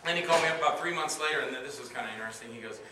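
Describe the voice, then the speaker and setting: A man's voice: fairly high pitch, rapid-fire. A man telling stories about his acting work at a convention Q&A, rambling with many fillers and acting out other people's voices. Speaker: actor answering audience questions. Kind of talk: storytelling Q&A at a convention panel. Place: convention hall with audience. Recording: echoey hall, mic far off, noisy.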